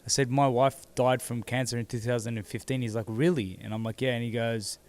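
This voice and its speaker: A man in a seated interview, his voice smooth and clear and his pitch held fairly flat and even. He tells a personal story in a halting way, often repeating words before he goes on. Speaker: interview guest, former boxing champion.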